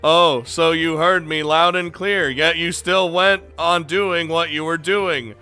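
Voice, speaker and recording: A man's voice: on the high side, fairly even intonation, takes it slowly, sharp tone, clean tone, soft background music, voice pushed up. A man reading a young girlfriend's lines in a raised, mocking put-on voice. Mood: stern. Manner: reading text in a raised mock voice. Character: young woman girlfriend, annoyed and stern.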